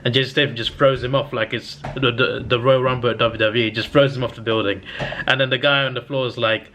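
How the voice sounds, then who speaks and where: A man's voice: medium pitch, fairly even intonation, brisk, bright, forceful tone, slight background noise. Rambling man reviewing a movie. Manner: rambling, with frequent fillers and restarts. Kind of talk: casual movie reaction chat.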